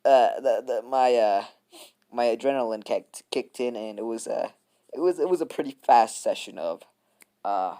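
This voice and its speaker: A man's voice: medium pitch, lively intonation, moderate pace, warm tone. A young man casually telling a fan story to his viewers, rambling, laughing often and swearing.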